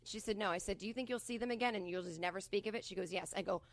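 A woman telling a story in casual chat, animated and swearing, acting out quotes loudly. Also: medium pitch, rapid-fire, creaky, dry recording. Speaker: podcast guest.

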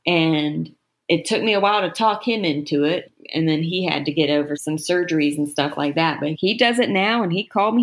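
Gravelly-voiced woman chatting encouragingly. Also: low voice, animated, normal speed. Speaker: podcast guest. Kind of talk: casual chat.

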